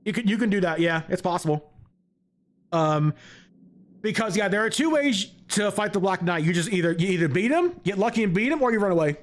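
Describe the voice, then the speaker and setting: Animated, jokey male game streamer. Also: high-pitched, brisk. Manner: animated, rambling, jokey, laughs often. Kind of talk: live gaming commentary.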